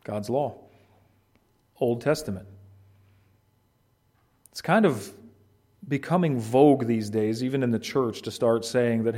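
A man's voice: mid-range voice, lively intonation, normal speed, long pauses, mellow. A man preaching an expository sermon, earnest and emphatic, often restarting phrases. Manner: earnest, emphatic teaching with restarts and rising stress. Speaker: pastor.

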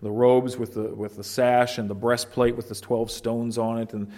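A man's voice: mid-range voice, little pitch movement, moderate pace, a little mellow. A man preaching an expository sermon, earnest and emphatic, often restarting phrases. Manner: earnest, emphatic teaching with restarts and rising stress. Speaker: pastor.

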